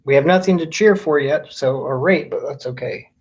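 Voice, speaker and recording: Man, fairly high voice, casual live-stream host, greets chat by name, relaxed at-home chatter. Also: normal speed, a little hiss or hum. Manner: friendly, reads out viewer names one by one.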